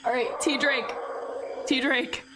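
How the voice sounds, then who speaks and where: A woman's voice: high-pitched, steady tone, slow pace, noisy background. A woman in her forties streaming a visual novel read-through, playful and chatty with her viewers, often breaking into laughter. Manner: playful, talks directly to viewers. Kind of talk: casual live-stream chat.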